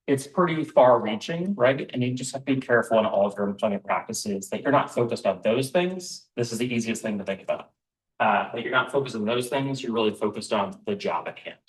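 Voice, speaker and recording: A man's voice: medium pitch, lively intonation, fairly quick. A man presenting a business training to a live room, conversational, with many ums and questions to the audience. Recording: roomy, voice from far off the mic.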